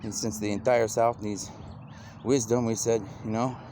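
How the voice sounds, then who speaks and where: A man's voice: lowish voice, flat delivery, moderate pace, warm tone, slight background noise. A man talking in a loose, rambling monologue, repeating "you know" constantly and drifting from idea to idea.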